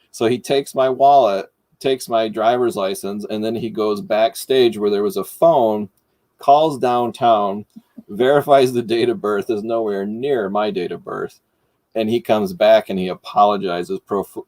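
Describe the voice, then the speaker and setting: A middle-aged man from Michigan, hosting and casually telling a story, animated and laughing as he goes. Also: lowish voice, unhurried, no echo. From Michigan, United States. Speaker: host.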